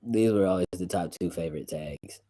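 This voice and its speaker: A man's voice: deep voice, fairly quick, mellow, no echo. A man who makes beats, casually chatting on his stream about his old producer tags, rambling and restarting his sentences. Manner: rambling, restarts often, laughs while telling stories.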